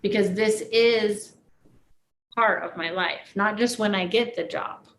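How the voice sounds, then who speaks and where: A woman coaching a student in a relaxed, reflective way. Her voice sits at a mid pitch, and she fills her thoughts with plenty of casual fillers. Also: a little slow, a little hiss or hum, low-quality recording.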